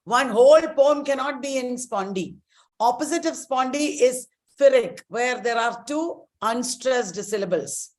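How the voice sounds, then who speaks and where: A middle-aged woman runs an exam-prep lecture in a slightly high voice. She is emphatic and repeats key terms slowly so they stick. Her tone is that of a teacher drilling a class. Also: lively intonation, darkish tone.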